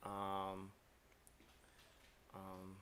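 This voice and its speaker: A man's voice: low-pitched, completely flat delivery, extremely slow, sharp tone, a little hiss or hum. A man live streaming from home, chatting loosely with his viewers. He rambles and jokes, filling gaps with ums and likes as he replies to messages. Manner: rambling, joking, many fillers, reads chat aloud. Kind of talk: casual live stream chat.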